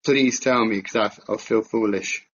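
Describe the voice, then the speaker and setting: A man on a film podcast, chatting casually and thinking out loud with fillers and restarts. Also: fairly low pitch, steady tone, unhurried, husky, no echo, highs cut off. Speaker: podcast co-host.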